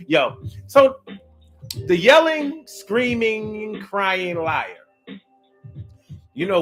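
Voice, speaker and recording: A man hosting his own talk show in a casual, rhythmic monologue, often acting out the people he talks about. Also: a little high. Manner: animated, rhythmic, acts out quoted voices. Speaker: show host.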